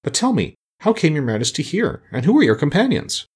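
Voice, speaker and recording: Male reader as a proud, gushing tin emperor, raised pitch. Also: huge pitch swings, a little fast, husky, heavily acted. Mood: hearty. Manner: hearty, effusive.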